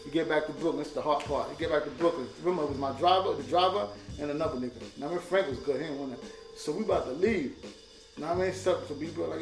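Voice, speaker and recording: A man telling stories in a casual conversation, animated and laughing as he acts out quotes. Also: on the high side, fast talker, creaky. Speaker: guest. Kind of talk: casual storytelling. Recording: echoey room with loud music.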